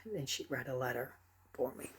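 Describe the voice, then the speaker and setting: A woman's voice: a bass voice, lively intonation, fairly quick, husky. A middle-aged woman telling her personal story in an earnest, emotional, pleading manner. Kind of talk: personal storytelling and poem recitation.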